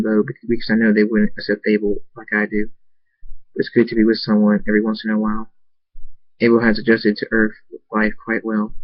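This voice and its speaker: A man earnestly narrating a first-person fan story, halting and restarting at times. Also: on the low side, no echo, lo-fi sound. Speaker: amateur story reader.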